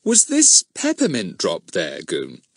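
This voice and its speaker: A man voicing a calm, dry-witted middle-aged police inspector who speaks in a measured, politely ironic way. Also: low voice, creaky, husky, dry recording, exaggerated voice.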